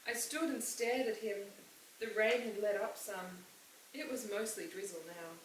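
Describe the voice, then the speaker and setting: A woman teacher reading a novel aloud to her class, with clear, expressive storytelling. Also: medium pitch, a little slow. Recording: roomy, distant mic, faint hiss.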